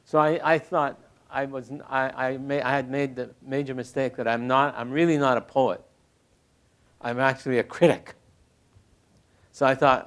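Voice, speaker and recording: An older man speaking as a poet and critic in an interview, reflective and halting, with frequent restarts and soft laughs. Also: mid-range voice.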